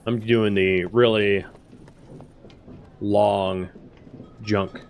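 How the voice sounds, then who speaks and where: This let's-play commentary comes from a man with a fairly low voice who talks extremely slowly. He speaks right to the characters on screen, breaking into excitable outbursts and slipping in quiet muttered asides.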